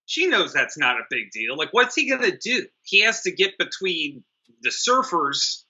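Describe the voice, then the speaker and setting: A man co-hosting a casual comedic movie review, animated and jokey, swearing freely and acting out the characters. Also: a little high, moderate pace, lo-fi sound. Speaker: film review podcast co-host.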